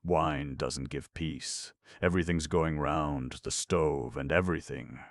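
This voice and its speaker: A man voicing a wild, tipsy young woman who pleads in a high, breathless voice. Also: a little slow, no echo. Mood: drunk, giddy. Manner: breathless, imploring, high and strained.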